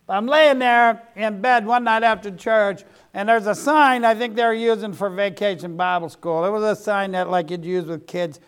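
A man's voice: sits high, fairly even intonation, normal speed, hardly any pauses, smooth. A middle-aged man preaching a sermon in a folksy way, dropping frequent amens to the congregation. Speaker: pastor.

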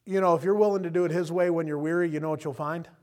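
A man's voice: on the high side, fairly even intonation, rapid-fire, a little mellow. A man preaching a sermon in a casual, conversational way, often chuckling and acting out the people he quotes. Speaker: pastor.

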